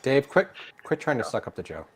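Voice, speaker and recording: A man's voice: medium pitch, sing-song, fairly quick, crowd noise. A man on a livestream testing hardware as he talks, cheerful and teasing. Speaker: stream guest. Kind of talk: casual livestream chat while repairing.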